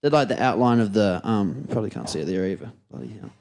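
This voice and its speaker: A man's voice: fairly low pitch, sing-song, vocal fry, a little mellow, a little hiss or hum. Laid-back young Kiwi guy. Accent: New Zealand. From New Zealand. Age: young adult. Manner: laid-back, slangy, drawn-out phrasing. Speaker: guest. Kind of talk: casual chat.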